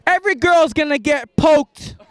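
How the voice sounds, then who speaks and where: A very high-voiced man spits a cocky freestyle rap on a street corner at night. He rhymes in quick bursts and breaks into laughter between bars, recorded on a handheld camera out in the open street. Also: very noisy. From New York. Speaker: rapper.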